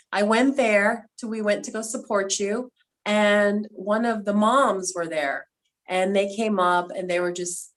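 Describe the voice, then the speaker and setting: A woman's voice: mid-range voice, fairly bright tone, low-quality recording. Host woman, casual reunion chat on a video call, heartfelt and emotional, mid-range voice. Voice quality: quadriplegic speaker talking from a seated video call.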